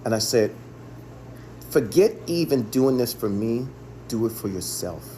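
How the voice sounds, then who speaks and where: A man's voice: mid-range voice, lively intonation, measured pace, warm tone, slight background noise. A man, a chef, telling the story of a phone call in an earnest monologue, often repeating himself for emphasis. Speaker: chef and restaurant owner.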